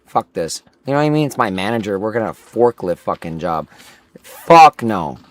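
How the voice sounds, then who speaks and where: A man's voice: low voice, expressive, normal speed. A young man livestreaming a game while telling a rambling, profane story full of filler words.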